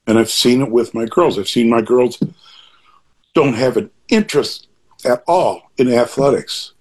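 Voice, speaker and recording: An older man with a husky voice, talking in an earnest, rambling way with many restarts in a reflective conversation. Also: mid-range voice, a little slow.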